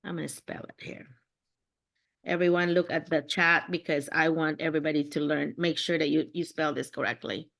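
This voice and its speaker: A woman's voice: sits low, fairly even intonation, moderate pace, vocal fry, a bit bright. A woman from the Philippines, mentoring teachers on a video call and checking in often with "okay?" and "you know".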